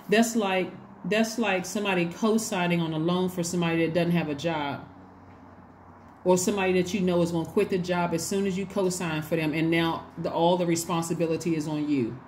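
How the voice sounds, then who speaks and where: A woman's voice: on the low side, a little mellow, a little hiss or hum. A woman giving a casual tarot reading to her viewers, chatty and repetitive, often acting out little bits of dialogue. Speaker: tarot reader.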